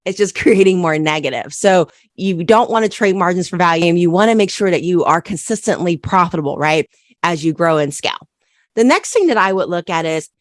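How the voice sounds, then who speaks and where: A woman's voice: fairly low pitch, expressive, a little fast, dry recording, studio quality. A woman accountant hosting a solo business podcast, coaching listeners and repeating key questions with frequent "right?" checks.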